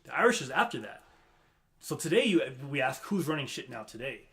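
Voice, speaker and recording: A man's voice: medium pitch, sing-song, fairly quick, gravelly, fairly bright tone. A young man co-hosting a podcast in casual chat, laid-back and slangy, calling his friend "dude" and agreeing often. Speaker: podcast co-host.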